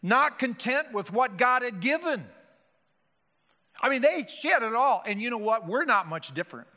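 A man's voice: very high-pitched, big pitch swings, normal speed, pushed and bright. A male pastor preaching a sermon with emphatic, rhetorical delivery and frequent restarts. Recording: hall reverb.

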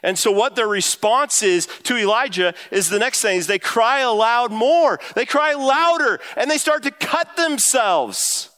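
Male pastor, high voice, animated sermon delivery, big reverberant church hall. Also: a little slow, few pauses. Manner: animated, rising pitch when quoting and emphasizing.

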